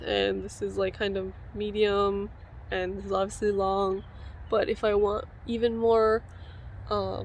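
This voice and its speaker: A young woman chatting casually and excitably as she cuts her own hair in a home vlog, sprinkling in "like" often. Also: mid-range voice, a little hiss or hum. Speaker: beauty vlogger. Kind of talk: casual tutorial chat.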